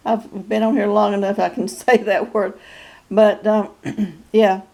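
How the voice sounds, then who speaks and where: A woman in her sixties with a North Carolina Southern accent, talking casually to camera in a halting way with many fillers and frequent chuckles. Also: mid-range voice, level tone, warm tone. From North Carolina, USA. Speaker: YouTube channel host. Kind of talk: casual personal vlog.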